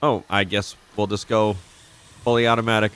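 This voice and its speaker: A young man casually commenting as he plays a video game, excitable and profane, reacting out loud to the action. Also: on the low side, normal speed, clear, resonant tone. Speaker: gaming channel host. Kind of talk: casual let's-play commentary.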